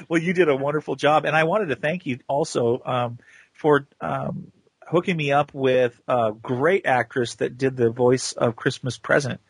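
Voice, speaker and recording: A man with a slightly husky voice chats casually on his podcast, gushing with praise and laughing often. The sound is dry and close. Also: medium pitch, moderate pace, no echo. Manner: enthusiastic, rambling, laughs often. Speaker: podcast host. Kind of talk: casual chat.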